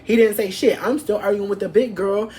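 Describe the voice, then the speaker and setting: A young adult woman vlogger telling an animated, profane story from her past and acting out what people said. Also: mid-range voice, brisk. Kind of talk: storytime vlog.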